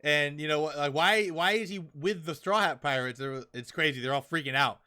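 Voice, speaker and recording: A young man hosting a podcast, chatting casually and excitedly as he talks through a manga chapter, often acting out characters' lines. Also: fairly high pitch, normal speed, clean tone. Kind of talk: casual chat.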